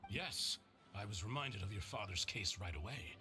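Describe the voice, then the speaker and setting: An actor playing a kindly, polite older man in a video game, speaking in a gently formal way. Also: on the low side, lively intonation, normal speed, soft background music. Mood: courteous. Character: kindly older uncle figure, polite and courtly.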